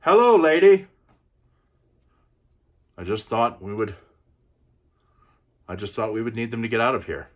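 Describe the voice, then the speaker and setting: A man voicing a gentle, simple-minded male giant who speaks slowly and earnestly in a one-man film recital. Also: on the low side, fairly even intonation.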